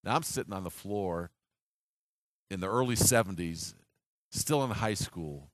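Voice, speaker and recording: A man's voice: deep voice, lively intonation, a little slow, no echo, studio quality. A man in his sixties from the United States, preaching a sermon as an earnest story full of restarts and acted quotes.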